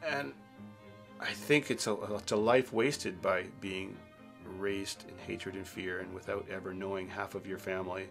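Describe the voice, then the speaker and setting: A man giving an interview, speaking in an aggrieved, halting way with many restarts. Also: sits low, steady tone, gravelly, fairly bright tone, soft background music. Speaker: documentary interviewee. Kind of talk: interview talk.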